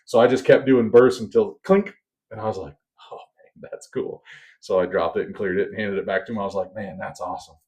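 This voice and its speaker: A man's voice: fairly low pitch, fast talker. A man co-hosting a podcast, telling a long story in a casual way and acting out the voices of the people in it. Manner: animated storyteller, acts out quoted voices. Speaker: podcast co-host.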